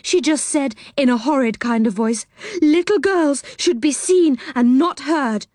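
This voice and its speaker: A woman voicing a lively, cheeky fairy girl in a storybook read-aloud, retelling events with high, animated emphasis. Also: a little slow, no room sound, clean studio sound. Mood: scornful.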